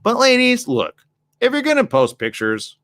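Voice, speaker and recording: Male talk show host, lively pitch, bright tone, casual advice monologue. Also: normal speed, no room sound, studio quality. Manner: animated, acts out both sides of arguments; addresses the ladies in the audience directly.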